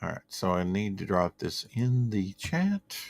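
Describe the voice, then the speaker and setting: A man's voice: low voice, big pitch swings, a little slow, gravelly, dry recording. A man hosting a casual livestream show, rambling about comics and reading viewer comments aloud from home. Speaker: podcast host.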